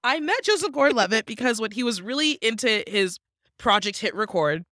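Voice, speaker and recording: A woman co-hosting a chatty podcast, gushing and laughing as she talks. Her voice is bright and forward, recorded on a dry close mic. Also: fairly high pitch, expressive, a little fast, dry recording. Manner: gushing, laughs often, says "like" a lot. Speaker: podcast co-host. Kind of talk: casual chat.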